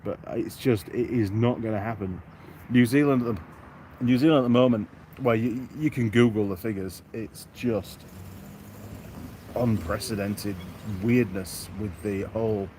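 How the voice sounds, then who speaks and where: A middle-aged man from York, England hosts a casual outdoor live stream, chatting and reading viewer comments by name in a self-deprecating way. His voice is on the low side and a little mellow, with slight background noise.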